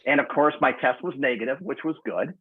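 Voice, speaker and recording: Husky man in his sixties on a tinny call. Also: medium pitch, brisk, no room sound. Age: 60s. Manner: animated storyteller, acts out quoted voices. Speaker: guest community member. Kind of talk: casual chat on a video call. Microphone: video call. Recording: tinny phone-like video call audio.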